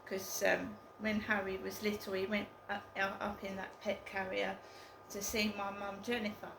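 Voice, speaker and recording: A woman's voice: mid-range voice, level tone, gravelly, roomy sound, noisy background. A woman telling a story in a casual vlog, hesitant and full of ums. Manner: slow, hesitant, with many ums. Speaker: vlogger.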